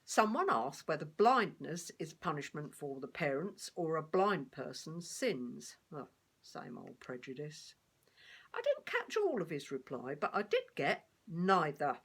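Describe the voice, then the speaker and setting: Wry, rough-spoken blind beggar man, put on by a woman; husky, lively delivery. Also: deep voice, unhurried, full character voice. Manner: rough-spoken, colloquial storytelling. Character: streetwise blind male beggar, blunt and wry.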